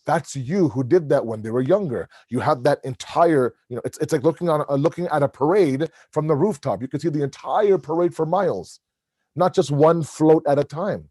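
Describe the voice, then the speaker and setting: A middle-aged man preaching to a congregation in a relaxed, storytelling way, slipping into the voices of his children and the doctor as he goes. His tone is mellow and warm, and the sound is close and dry, with little room echo. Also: fairly high pitch, normal speed, husky. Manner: storytelling, animated, acts out family dialogue. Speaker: speaker at a religious gathering. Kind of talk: conversational sermon. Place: mosque hall.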